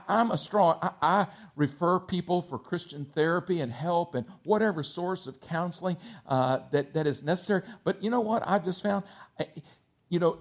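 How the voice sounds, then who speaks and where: A man preaching a sermon, moving from quiet, hushed storytelling to loud, high-pitched excitement, with stammering restarts. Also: slightly rough. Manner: animated preaching, swings from hushed to shouting. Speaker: pastor.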